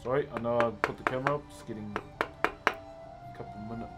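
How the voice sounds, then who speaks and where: A man's voice: mid-range voice, fairly quick, poor audio. A man with a New Zealand accent, live-streaming his wood carving and chatting casually with viewers, calling everyone bro. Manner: laid-back, calls everyone bro. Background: music playing.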